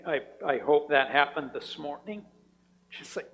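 A man's voice: a little high, expressive, moderate pace, a bit bright, long reverb tail, low-quality recording. A man preaching a sermon in a conversational way, often repeating words and asking his listeners "right?". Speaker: pastor.

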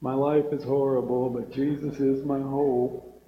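A man voicing a gloomy, defeated male churchgoer who drones slowly and pities himself. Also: medium pitch, level tone, slight background noise, pitched below the performer's own voice, lightly acted. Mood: mopey. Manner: slow, droning, self-pitying. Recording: echoey hall, dull sound.

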